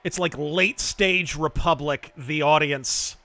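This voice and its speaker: A man's voice: a little high, slow, pushed and bright. A man hosting a live reaction stream, making sarcastic, mocking asides. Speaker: streamer and host.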